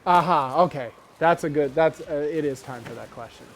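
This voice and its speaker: A man hosting a gaming chat show, asking his guest a set question with a playful, drawn-out delivery. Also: a little high. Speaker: host. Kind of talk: casual chat while playing a video game.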